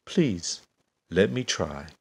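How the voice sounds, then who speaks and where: A brave young shepherd boy speaks with earnest determination, pitched a little above a deep, slow voice, as a male storyteller puts him on. Behind it, a gravelly edge stays. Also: sing-song, heavily acted.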